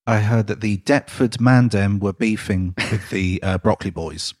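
Low, dry-humoured man in chat. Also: normal speed, a little mellow, no room sound. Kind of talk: casual chat.

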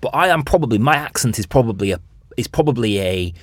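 A man in his thirties from Bolton with a softened Bolton accent, a podcast host chatting reflectively, often restarting his sentences. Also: mid-range voice, lively intonation, quick pace, breathy edge, dry recording. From Bolton, Greater Manchester. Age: 30s. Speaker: podcast host and radio presenter. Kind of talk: casual chat.

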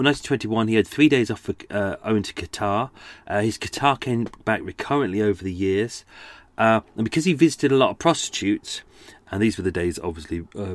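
In a fairly low voice, with no room sound, a male podcast host chats casually as he reads old letters aloud. He rambles and wanders into lots of asides and fillers.

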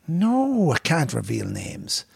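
An Irishman co-hosting a casual podcast chat, telling a story in an excitable, rambling way with plenty of swearing. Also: on the high side, takes it slowly, vocal fry, slightly rough, no room sound, clean studio sound. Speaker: podcast co-host. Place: pub.

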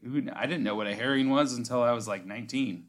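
A man's voice: medium pitch, quick pace. A man co-hosting a comedy podcast, laughing often in playful back-and-forth banter. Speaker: podcast co-host. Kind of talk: casual comedic chat.

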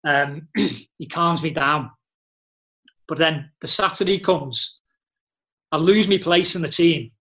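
A man tells animated, blunt dressing-room stories, full of slang and swearing. His voice sits a little high for a man. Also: slow pace, long pauses. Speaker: podcast guest, former footballer. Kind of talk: casual storytelling chat.

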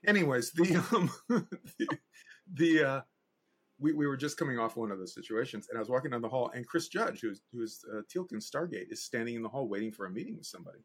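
In a casual interview, a guest animator and director with a husky, mid-range voice rattles off stories at speed. He tells them with animation, imitating the voices of the people in them.

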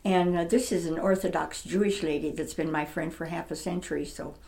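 An older woman in her seventies talks through memories of her stage career in a relaxed interview. Her voice sits on the low side. She is chatty and laughs easily between stories. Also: a little fast, gravelly. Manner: chatty and warm, laughs often. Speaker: interviewee, retired stage actress. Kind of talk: casual reminiscing interview.

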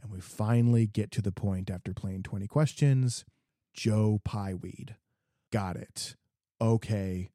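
Low, mellow-voiced Midwestern man telling a story. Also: normal speed, no room sound, clean studio sound. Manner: animated, acts out customers in quoted voices. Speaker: podcast co-host; garden center worker. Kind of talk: casual storytelling chat.

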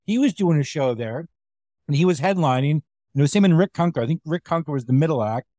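A man hosting a podcast, telling comedy-club stories in a casual, animated way and acting out the voices of the people he quotes. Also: a little high, fast talker, no echo. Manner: animated, acts out quotes in a raised voice. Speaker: podcast host. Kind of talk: casual storytelling chat.

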